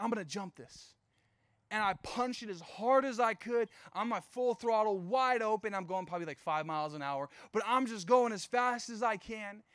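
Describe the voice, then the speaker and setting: Young guy youth pastor, high clear voice, dry close sound, chatty storytelling sermon. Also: fairly bright tone, no room sound. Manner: casual, storytelling with playful asides.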